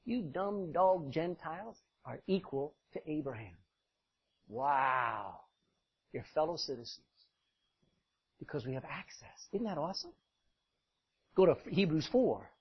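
A man preaching a sermon as pastor, animated, swinging from loud emphasis to quiet asides and laughing often. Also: fairly high pitch, a little slow, long pauses, slightly rough. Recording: dull lo-fi recording.

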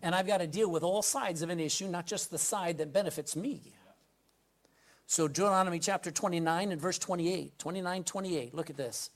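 Emphatic preacher man with loud bursts. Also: high voice, a little fast. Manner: emphatic, swings between loud scripture reading and quiet asides; asks the congregation direct questions. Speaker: pastor. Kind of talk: sermon. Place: church pulpit.

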